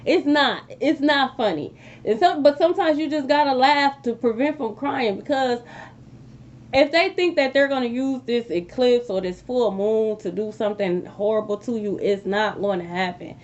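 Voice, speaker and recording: A woman delivers a tarot reading in a high, animated voice, repeating herself and dropping frequent "okay?" asides. The recording is a little dull and lo-fi. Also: normal speed. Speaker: tarot reader. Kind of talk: casual tarot reading to viewers.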